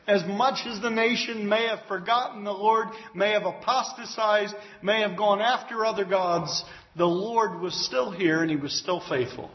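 Brief: earnest male preacher, fairly high voice, teaching Scripture with emphasis; lo-fi, muffled tape. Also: normal speed. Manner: earnest and emphatic, with exclamations of praise. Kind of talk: expository Bible teaching. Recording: dull lo-fi recording.

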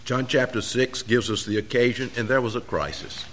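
A man's voice: mid-range voice, steady tone, moderate pace, slight background noise. Emphatic preacher man. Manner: emphatic preaching, swelling louder on key phrases. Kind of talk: sermon.

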